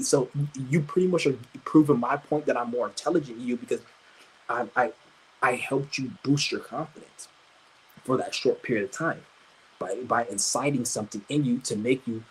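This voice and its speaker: A man's voice: mid-range voice, slight background noise, poor audio. A man streaming live, ranting crudely and combatively, stumbling over repeated restarts. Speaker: livestreamer. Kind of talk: angry livestream rant.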